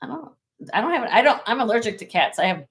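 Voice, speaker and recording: A woman hosting a casual live jewelry sale from home, briskly listing rings and sizes with chatty asides. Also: a little high, very animated, a bit bright. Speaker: host selling jewelry on a live stream.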